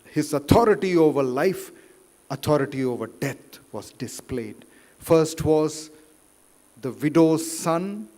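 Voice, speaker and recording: A man preaching a sermon in a church, rising loud for quotes and dropping quiet. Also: a little high. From India. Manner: slow, deliberate, rises loud for quotes then drops quiet. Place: church hall. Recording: reverberant church hall.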